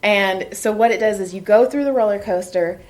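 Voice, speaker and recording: A middle-aged woman hosts a casual chat, recorded in a basement. She laughs often and tells her stories in an animated, lively way, at a medium pitch. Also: moderate pace. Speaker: podcast host giving a massage.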